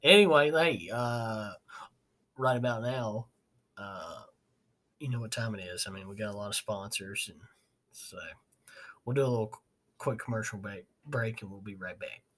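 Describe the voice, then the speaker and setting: A man's voice: lowish voice, normal speed, long pauses, fairly bright tone. A man hosting a podcast, rambling casually, laughing and swearing. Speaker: podcast host. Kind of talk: casual chat.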